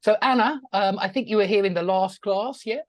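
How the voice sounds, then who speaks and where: A man's voice: sits high, fairly quick, dry recording. A man teaching an online English class over a video call, friendly and chatty, asking his students questions.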